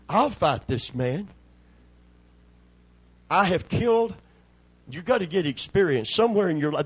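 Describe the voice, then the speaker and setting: A man's voice: fairly high pitch, slightly rough. A man, a pastor, preaching a sermon emphatically and calling out for amens and hallelujahs.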